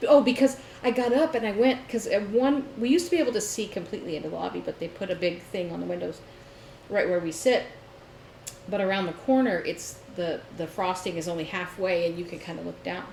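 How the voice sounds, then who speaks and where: A woman co-hosting a casual chat show, telling stories in an animated way and laughing often. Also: lowish voice, brisk, vocal fry. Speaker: podcast co-host. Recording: roomy echo, faint noise.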